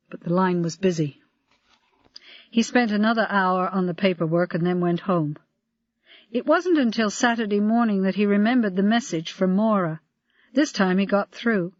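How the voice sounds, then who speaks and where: Audiobook reader, steady and even, dry dull lo-fi sound. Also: mid-range voice, no room sound. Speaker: audiobook narrator. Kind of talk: scripted narration.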